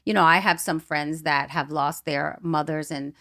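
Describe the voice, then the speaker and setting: A woman co-hosting a podcast, talking in a relaxed, reflective and colloquial way about family. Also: sits low, normal speed. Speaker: podcast co-host. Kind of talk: casual conversation.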